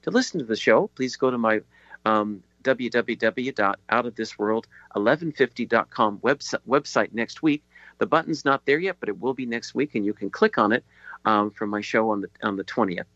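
Male talk-radio host, mid pitch, halting and rambling, dry slightly muffled broadcast sound. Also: fairly bright tone, no echo. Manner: rambling, halting, many ums and restarts. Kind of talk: radio talk show hosting. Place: radio studio.

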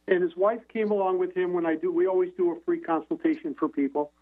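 High-voiced man on a tinny phone line. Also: fairly even intonation, quick pace. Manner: rambling, many restarts and fillers. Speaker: hypnotherapist guest. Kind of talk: casual storytelling on a radio call-in.

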